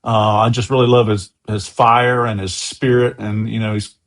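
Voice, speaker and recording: A man's voice: on the low side, flat delivery, moderate pace. Chatty American man telling stories. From USA. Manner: chatty, enthusiastic anecdotes. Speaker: guest. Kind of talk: casual interview storytelling.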